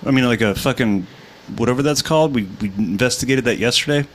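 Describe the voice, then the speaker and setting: A man's voice: mid-range voice, fast talker, slight background noise. A man co-hosting a live internet show, talking in loose, profane, jokey banter. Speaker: podcast co-host.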